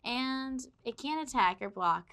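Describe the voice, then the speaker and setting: A woman playing a tabletop card game, relaxed and brief as she announces her plays. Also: sits high, a little slow, a little hiss or hum. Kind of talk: casual tabletop play.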